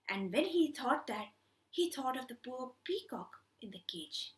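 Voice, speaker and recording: Woman, children's storyteller and craft teacher, high lively voice, unhurried, coaxing questions, roomy echo. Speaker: children's hobby class teacher. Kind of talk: storytelling and craft class for kids.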